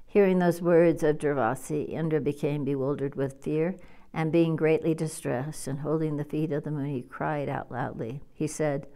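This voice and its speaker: Woman reading scripture aloud; low, mellow voice, calm and measured. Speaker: scripture reader.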